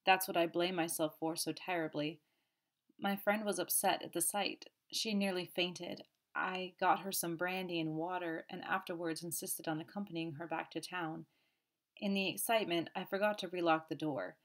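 A woman's voice: fairly low pitch, fairly even intonation, moderate pace, natural voice. A woman voicing a flustered male army captain who speaks meekly and apologetically. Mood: sheepish. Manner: meek, apologetic.

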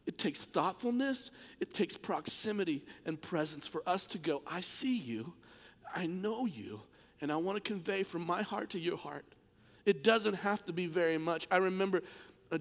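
A man's voice: on the high side, gravelly, fairly bright tone. A man preaching a sermon as pastor in a church sanctuary, in an impassioned, emphatic way. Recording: long church reverb.

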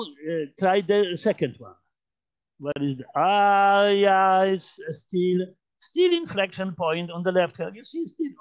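Man, polish accent, high-pitched, informal math lecture, halting and repetitive, dull lo-fi recording. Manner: halting, many fillers and restarts, repeats phrases. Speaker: mathematics lecturer. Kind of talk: informal lecture demonstrating on a computer. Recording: dull lo-fi sound.

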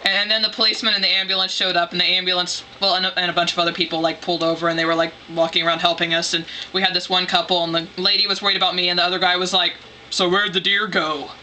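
A woman tells a story from her own life in a loose, excitable ramble, leaning on "like" again and again. Her voice is very bright and sharp. A faint hiss of noise sits under the recording. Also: lowish voice, rapid-fire, hardly any pauses. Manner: rambling, excitable, heavy use of "like". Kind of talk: casual personal anecdote.

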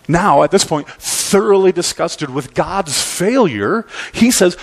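A man's voice: a little high, lively intonation, normal speed, gravelly. A male pastor preaching a sermon, telling a story with emphatic repeats.

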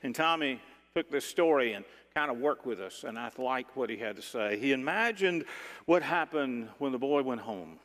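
A man preaching a sermon in a church, dramatic, and dropping to hushed tones for emphasis. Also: mid-range voice, expressive, moderate pace. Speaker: pastor. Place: church sanctuary. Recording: long church reverb.

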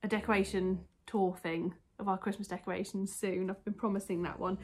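A woman's voice: mid-range voice, little pitch movement, fairly quick. A woman chatting casually to viewers at home as she shows off a haul, rambling and interrupting herself. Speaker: vlogger showing a haul. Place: home, indoors. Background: faint dog snoring.

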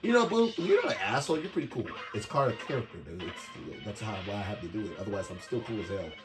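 A man's voice: lowish voice, sing-song, fast, over music. A middle-aged man, a father, trading boastful, teasing banter while hosting a family video game tournament. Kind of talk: casual trash-talk over gameplay.

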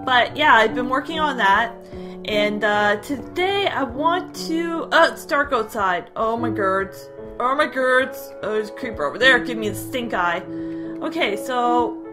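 A woman hosting her own game let's play, chattering in a hyper, excitable way as she plays at her home computer. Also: fairly high pitch. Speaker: gaming channel host. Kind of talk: Minecraft let's play commentary. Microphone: headphones with desk mic.

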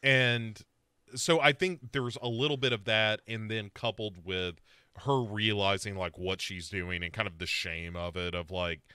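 A man's voice: lowish voice, unhurried, clean tone, dry recording, studio quality. A man co-hosting a podcast, recapping a horror series in casual chat and acting out characters' lines. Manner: animated storyteller, acts out characters' lines. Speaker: podcast co-host.

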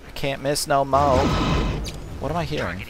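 A man's voice: medium pitch, normal speed, heavy background noise. A man giving casual gameplay commentary, muttering, joking and swearing, with game music behind him. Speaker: let's play host.

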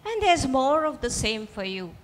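A woman reading her own fiction aloud at a literary festival, expressive and speaking directly to the audience. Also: high-pitched, moderate pace. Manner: expressive, storytelling, addresses audience. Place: festival auditorium. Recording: reverberant hall.

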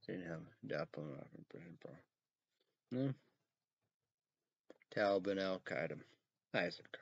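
Slow-talking man ranting over headlines. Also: low-pitched, lively intonation, gravelly, no echo, dull audio. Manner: reads headlines slowly, then rants loudly with cursing. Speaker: vlogger reading headlines. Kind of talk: rambling casual commentary on news.

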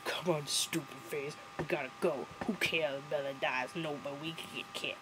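A woman mimicking a bossy, dismissive young male pack leader in a flat, curt voice. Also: sits low, normal speed, noisy background, lightly acted.

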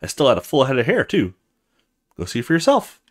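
A man's voice: medium pitch, huge pitch swings, fairly quick. A man doing an eager young woman. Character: excited young woman, a student.

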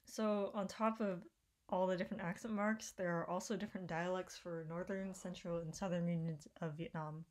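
A woman's voice: fairly low pitch, steady tone, normal speed, a little mellow. Woman reading a presentation. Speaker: student presenter.

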